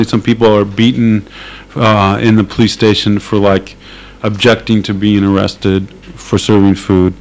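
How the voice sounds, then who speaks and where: A man with a lowish voice answers an interviewer at length. His talk is loose and unscripted, full of ums, restarts and dry little laughs. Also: smooth, low-quality recording. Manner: rambling, hesitant with many fillers, wry laughs. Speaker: activist interviewee. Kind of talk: casual spoken interview.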